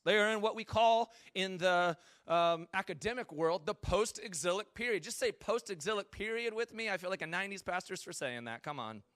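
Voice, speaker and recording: Male pastor with a high, crisp voice, preaching casually with jokes; dry, close sound. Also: a bit bright, no echo. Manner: casual, joking, asks the audience questions. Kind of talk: conversational sermon.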